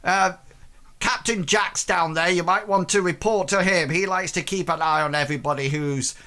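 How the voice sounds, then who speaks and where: A man's voice: high-pitched, steady tone, normal speed, sharp tone, voice pushed up. A man doing a cheery chummy sailor. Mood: cheerful. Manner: chummy, calls people mate.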